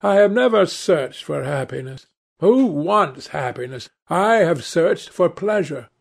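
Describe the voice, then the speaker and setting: A man reading a charming young gentleman. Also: a little high, lively intonation, a little slow, vocal fry, pitched above the performer's own voice, full character voice. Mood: gallant.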